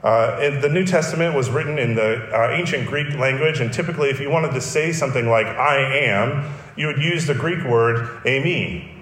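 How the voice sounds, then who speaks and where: A man's voice: mid-range voice, moderate pace, fairly bright tone. Man preaching in a roomy hall. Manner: earnest teaching, emphatic repetition. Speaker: pastor. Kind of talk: sermon.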